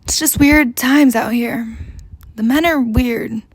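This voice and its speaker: Young female vlogger, fry-heavy, dry room, casual rambling storyteller who swears offhand. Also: a little high, slow pace, no echo.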